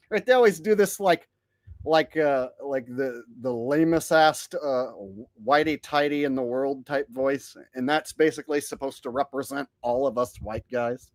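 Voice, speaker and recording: A man's voice: medium pitch, normal speed, no echo, clean studio sound. A man hosting a casual commentary monologue, sardonic and conversational. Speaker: commentary channel host.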